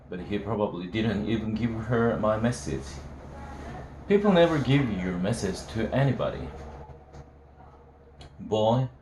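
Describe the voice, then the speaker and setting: A man reading a novel aloud in a slow, conversational first-person telling. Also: on the low side, a little mellow, slight background noise. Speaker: reader of a novel. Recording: roomy room echo, faint ambience.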